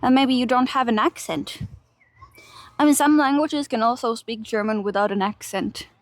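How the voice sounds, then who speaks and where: A woman's voice: on the high side, steady tone, normal speed, no room sound. A young woman from Finland chatting casually to her livestream audience while walking outdoors through a park, holding a phone camera. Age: young adult. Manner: chatty, laughs easily, talks to chat. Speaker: IRL streamer. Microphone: handheld phone camera.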